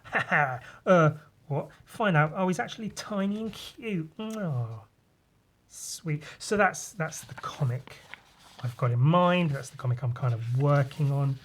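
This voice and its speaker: Male podcast host, middle pitch, easygoing chat, rambling, sweary, makes sound effects. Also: darkish tone, slight background noise. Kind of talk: casual chat walking through comic pages.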